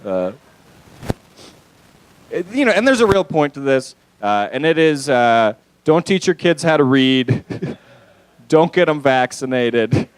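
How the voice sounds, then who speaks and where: A man's voice: medium pitch, very animated, takes it slowly, long pauses, smooth, no room sound, low-quality recording. A young man performing a stand-up comedy set on a club stage, talking loosely with lots of fillers and crude asides.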